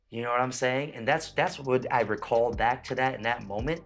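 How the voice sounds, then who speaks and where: Man, music reaction host, emotional, animated, mid pitch, faint music behind. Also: brisk, hardly any pauses. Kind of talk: excited reaction commentary.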